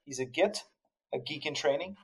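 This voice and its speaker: A man's voice: on the high side, normal speed, rough recording. A man from the Netherlands co-hosting a podcast, telling a story in casual chat with many restarts and fillers. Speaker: podcast co-host.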